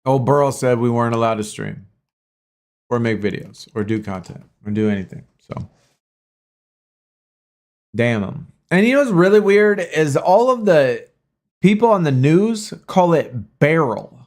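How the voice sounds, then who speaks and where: Male streamer host, unhurried rambling chat with his viewers, mid-pitched voice. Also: big pitch swings. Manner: rambling, argues with chat, swears casually. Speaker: livestream gaming host. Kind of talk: casual livestream chat.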